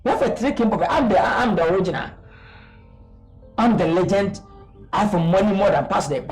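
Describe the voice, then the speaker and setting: A man's voice: high-pitched, normal speed, faint music behind, natural voice. A man with a Ghanaian accent playing a boastful rich big man in a comedy skit, swaggering and mixing English and Twi. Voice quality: swaggering, mixes English and Twi, laughs often.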